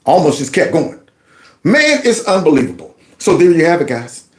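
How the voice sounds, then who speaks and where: A man talks through political clips in a high, lively voice that swings widely in pitch. He is mocking and animated, often slipping into exaggerated mimicry. The room around him is echoey. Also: moderate pace. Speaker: political commentary host. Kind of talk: casual political commentary.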